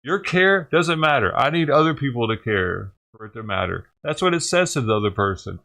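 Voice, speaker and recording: A man's voice: mid-range voice, animated, a little fast, creaky, bright, forceful tone. A man hosting a vlog who rants and swears heatedly while reacting to a news clip. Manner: heated, ranting, swears often. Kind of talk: profane reaction commentary.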